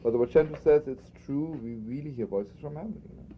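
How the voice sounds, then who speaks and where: A rabbi giving an informal spoken lesson, talking conversationally and repeating himself for emphasis. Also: male voice, medium pitch, quick pace. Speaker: rabbi teaching a class. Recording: dull lo-fi archival recording with faint background noise.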